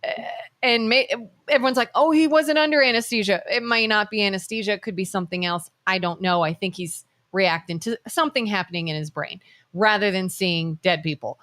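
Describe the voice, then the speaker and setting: A woman co-hosting a live talk show, telling stories with animated delivery and questioning her co-host. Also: mid-range voice, a little fast, no echo. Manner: animated storytelling, acts out quotes. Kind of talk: casual talk show discussion. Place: studio.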